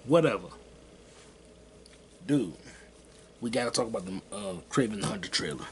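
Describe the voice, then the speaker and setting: A man's voice: lowish voice, expressive, normal speed, pauses often, darkish tone, slight background noise. A man hosting his own podcast alone, rambling casually with lots of swearing and offhand self-deprecating jokes. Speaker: podcast host. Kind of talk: casual solo podcast rant.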